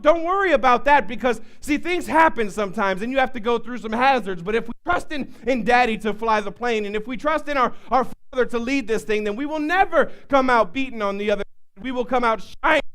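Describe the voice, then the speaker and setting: A man's voice: extremely high pitch, a bit bright, clean tone. A male pastor preaching an emphatic sermon, repeating words as he builds up.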